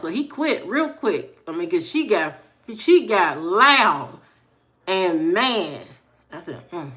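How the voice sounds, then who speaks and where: A woman's voice: medium pitch, a little slow. A woman live streamer telling family stories in casual chat, acting out the people she quotes. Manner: animated storyteller, acts out quoted voices.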